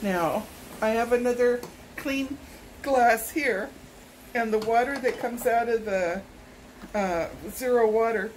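A woman's voice: fairly high pitch, slow pace, pauses often, a little hiss or hum, poor audio. A woman, vlogging a casual product unboxing at home, chatty and rambling with self-corrections. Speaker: YouTube vlogger.

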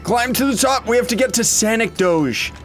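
An excitable man hosts a let's-play, his voice pitched high and swinging wildly as he jokes and hollers at his friends. Faint game music plays underneath. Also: moderate pace. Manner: excitable, jokey, laughs and yells at friends. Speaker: gaming channel host. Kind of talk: let's-play gameplay commentary.

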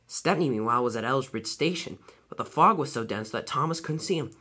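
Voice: medium pitch, lively intonation, fairly quick, a bit bright, a little hiss or hum. A narrator telling a toy train fan-film story in a dramatic, storybook way.

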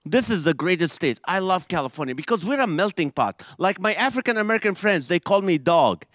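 A man from Israel doing a stand-up comedy routine, animated and quick with quoted voices. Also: high-pitched, no echo, studio quality.

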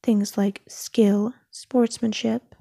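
A woman's voice: medium pitch, level tone, very slow, gravelly, mellow, slightly rough, no room sound, studio quality, exaggerated voice. A woman voicing Lightning McQueen, earnest race car. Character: confident young male race car. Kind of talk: storybook read-aloud.

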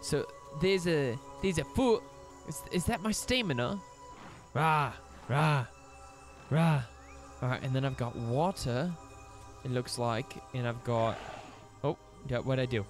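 Excitable young man with a lively voice. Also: normal speed, soft background music. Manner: excitable, jumps to squeaky high exclamations. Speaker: let's play host. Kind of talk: casual gameplay commentary.

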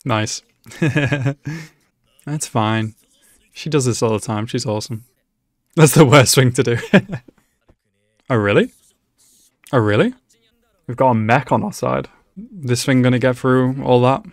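A man's voice: medium pitch, a little slow, pauses often, no room sound, clean studio sound. A man hosting an anime reaction video, chatting casually to the screen and laughing often. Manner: laughs often, excitable exclamations and asides to the screen. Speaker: anime reaction channel host. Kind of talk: casual live reaction commentary.

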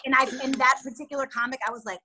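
Bright, chatty woman comedian on a call. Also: sits high, fairly even intonation, very fast. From Cleveland, USA. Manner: chatty, giggly storyteller. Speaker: guest comedian. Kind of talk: casual chat. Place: home. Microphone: video call.

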